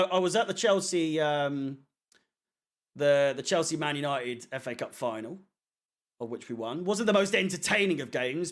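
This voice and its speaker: A man hosting a fan watchalong stream, chatting casually, rambling with fillers and the odd swear word. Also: mid-range voice. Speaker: fan channel watchalong host. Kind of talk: casual live-stream chat reading comments.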